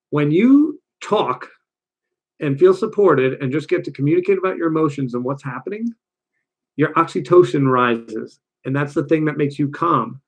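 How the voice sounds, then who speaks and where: This is a man coaching his audience on relationships in a loose, conversational way. His voice sits a touch high for a man, and he keeps things lively by slipping into short acted-out quotes. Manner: energetic, conversational, acts out little quoted voices. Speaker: dating coach. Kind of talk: direct-to-camera coaching talk.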